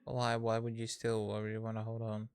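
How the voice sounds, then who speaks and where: A man's voice: on the low side, monotone, fairly quick, creaky, darkish tone, clean tone, no room sound, studio quality. A man streaming a game on a headset, joking and reading its dialogue aloud in casual commentary. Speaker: gaming streamer. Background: game music.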